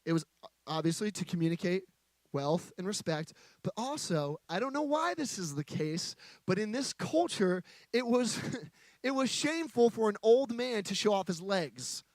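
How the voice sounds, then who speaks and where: Guy preaching on stage, jokey and chatty with the crowd, pretty high voice. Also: lively intonation, normal speed, dry recording. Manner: playful, joking, chatty. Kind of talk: sermon with audience interaction. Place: stage before a live audience.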